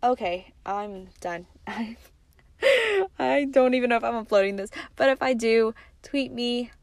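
A woman's voice: on the high side, unhurried, vocal fry, dry recording. A young woman hosting a casual solo podcast, chatty and rambling with lots of fillers, her voice a little worn. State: losing her voice. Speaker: podcast host.

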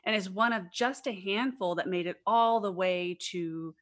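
A woman's voice: medium pitch, normal speed. Woman podcast host, chatty, jokey asides, telling history stuff casually. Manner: chatty, laughs easily, playful asides.

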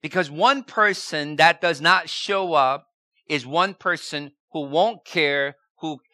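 A man's voice: fairly high pitch, slow, bright, forceful tone, no echo, clean studio sound. A man preaching a sermon as a pastor, asking rhetorical questions and repeating key words for emphasis.

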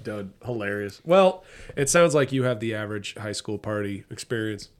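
A man's voice: fairly low pitch, normal speed. A man co-hosting a podcast, listening to a story and chiming in with short quips in casual chat. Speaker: podcast co-host.

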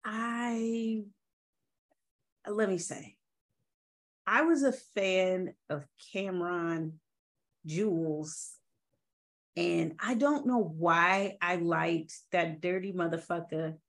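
A woman's voice: on the low side, very slow, long pauses. A woman co-hosting a podcast in casual chat, candid and blunt, swearing freely. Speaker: podcast co-host.

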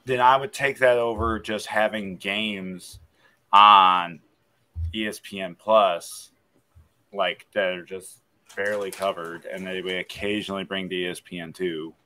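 A man's voice: low voice, steady tone, unhurried, bright, forceful tone, slight background noise. A man from Kentucky co-hosting a podcast, arguing about sports coverage in casual chat with an opinionated, emphatic manner. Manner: opinionated, emphatic, many "like" fillers. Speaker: podcast co-host.

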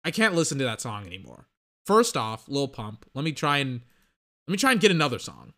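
A man's voice: medium pitch, big pitch swings, a little fast, sharp tone. A young man casually reacting to rap songs, rambling and chatty, with music playing behind him. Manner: chatty, rambling, mocking impressions.

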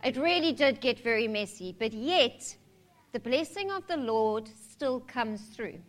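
A woman's voice: a little high, lively intonation, a little slow. A woman preaching a sermon in a candid, conversational way, mixing humor with scripture.

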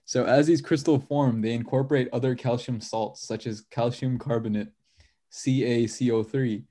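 Young dude studying w his buddy, mellow voice, jokey and teasing, laughs a lot. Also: mid-range voice, fairly even intonation, moderate pace. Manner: playful, teasing, laughs often. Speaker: student study partner. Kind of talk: casual study-session chat.

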